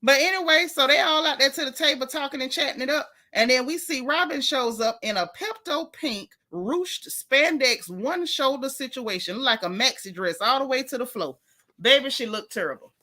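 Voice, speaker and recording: A woman hosts a casual recap in a sassy, animated manner and leans into slang. Her voice is bright and forceful and sits a bit high. She tells the story with gossipy relish. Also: normal speed. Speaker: host. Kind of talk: casual reality TV recap commentary.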